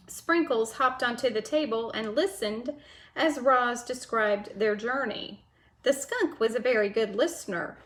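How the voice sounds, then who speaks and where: Woman teacher, patient storyteller for kids, slightly high voice, slow pace. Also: fairly bright tone. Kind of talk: reading a chapter book aloud to children.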